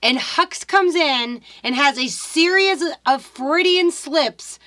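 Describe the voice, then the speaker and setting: A woman co-hosting a podcast in casual chat, recapping a movie plot quickly and acting out the characters' lines. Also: sits high, pushed and bright, no room sound. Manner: rapid retelling, acts out lines from the scenes. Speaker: podcast co-host.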